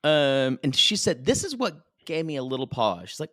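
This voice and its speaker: A man's voice: a little high, big pitch swings, moderate pace, a bit bright, no room sound, clean studio sound. A man co-hosting a podcast, recapping reality TV in casual, gossipy chat and laughing often. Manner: gossipy, laughs often, mimics cast members in quotes. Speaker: podcast co-host.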